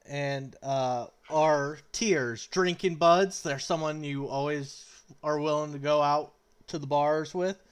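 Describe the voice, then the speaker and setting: A man's voice: fairly high pitch, steady tone, slow pace, clean tone. A young man co-hosting a casual chat, joking, with stammering restarts as he introduces each topic. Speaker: podcast co-host.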